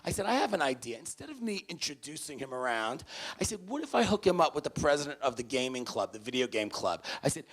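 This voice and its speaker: A man's voice: fairly high pitch, big pitch swings, quick pace. A man speaking to parents at a university, telling an anecdote and acting out both sides of the conversations. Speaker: university student affairs staff speaker. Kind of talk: storytelling talk to parents. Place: university venue, in front of parents.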